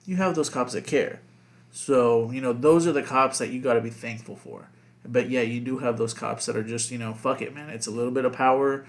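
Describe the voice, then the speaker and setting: A man's voice: mid-range voice, fairly even intonation, fairly quick. A man co-hosting a casual podcast chat, rambling with lots of fillers and constant swearing. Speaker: podcast co-host.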